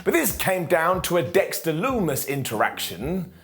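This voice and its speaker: A man's voice: fairly high pitch, sing-song, moderate pace, a bit bright. A man reviewing a wrestling show in a joking, sarcastic way, often quoting people in mock voices. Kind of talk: animated wrestling recap.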